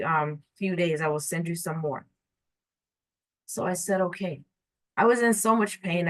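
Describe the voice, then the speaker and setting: A woman telling a personal story in an earnest, halting way, often restarting and repeating her words. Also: lowish voice, fairly bright tone, no room sound, low-quality recording.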